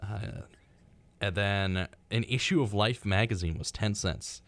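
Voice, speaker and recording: A man's voice: lowish voice, a little slow, dry recording. A young man co-hosting a college radio show, chatting casually with plenty of fillers. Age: young adult. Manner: relaxed, lively, chatty with fillers. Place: radio studio. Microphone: studio microphone.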